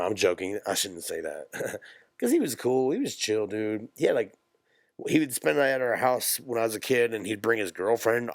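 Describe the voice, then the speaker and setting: A man's voice: lowish voice, creaky, no room sound, studio quality. A young man chatting casually on a podcast, telling rambling, profane stories with jokes. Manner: profane, rambling, jokey, quick bursts. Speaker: podcast co-host. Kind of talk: casual chat, storytelling.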